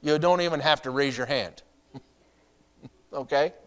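Middle-aged male pastor, sermon delivery, slightly high and resonant, conversational with rhetorical questions. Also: a little slow, clear, resonant tone.

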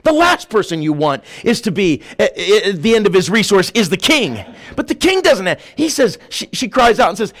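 A man preaching a fiery sermon in church, swinging from loud shouted lines down to hushed ones. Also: high-pitched, very animated, normal speed. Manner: preaching with rising shouts and sudden drops to a hush. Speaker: pastor.

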